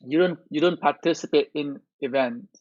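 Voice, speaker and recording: High-voiced man ranting on a lo-fi stream. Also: moderate pace, no room sound. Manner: aggrieved, ranting complaint with repeated restarts. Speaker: gaming live streamer. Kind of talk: casual live-stream chat. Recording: dull lo-fi audio.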